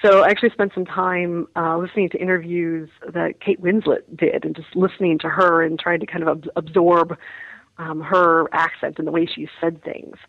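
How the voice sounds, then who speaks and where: A woman's voice: on the low side, little pitch movement, normal speed, creaky, no room sound, phone-quality sound. A woman, an actress, chatting in an interview, laughing often and restarting her words. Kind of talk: casual interview chat.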